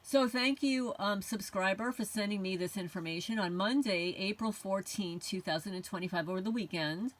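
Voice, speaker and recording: A middle-aged woman who hosts a homesteading channel rants indignantly to camera, confronting unseen tormentors. She has a mid-range voice and speaks at a moderate pace with few pauses.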